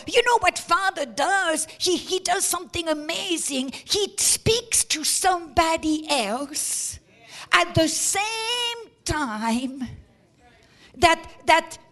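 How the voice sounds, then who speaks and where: A woman pastor preaching a sermon emphatically, repeating words as she builds to shouted peaks. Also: very high voice, lively intonation, slow.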